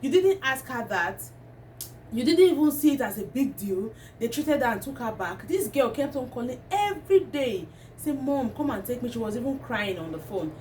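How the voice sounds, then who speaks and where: A woman's voice: on the high side, very animated, normal speed, darkish tone. A woman, talking to camera as a vlogger and ranting with indignation. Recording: distant mic, faint background noise.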